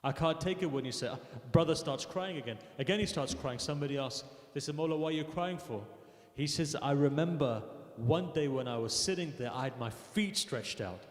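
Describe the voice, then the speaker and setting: A man's voice: on the high side, a little fast. A man telling a mournful religious story in a sermon, voicing the people in it as his intensity rises. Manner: storytelling, voicing quoted figures with rising intensity. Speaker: speaker at a mosque gathering. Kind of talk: emotional sermon narration. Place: mosque hall. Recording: echoey hall with long reverb.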